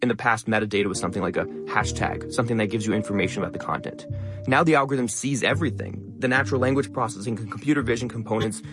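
A young man talking fast and stressing many words as a content creator guest in an interview. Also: on the low side, music in the background. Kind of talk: interview conversation.

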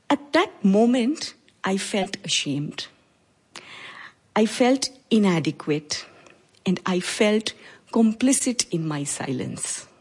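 A woman in her forties with an Indian English accent, telling a personal story in a measured, reflective way with pauses. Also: medium pitch, darkish tone, breathy edge. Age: 40s.

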